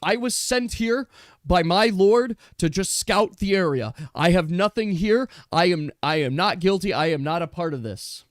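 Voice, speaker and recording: Male GM voicing a jittery human scout, higher than his own voice, pleading and insistent. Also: expressive, moderate pace, dry recording, studio quality. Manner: flustered, insistent.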